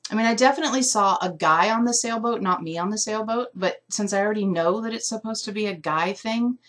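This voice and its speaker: A woman's voice: mid-range voice, fairly quick, a bit bright. A woman giving a live intuitive reading of an essential oil, musing aloud and searching for words with frequent fillers. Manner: emotional, close to tears.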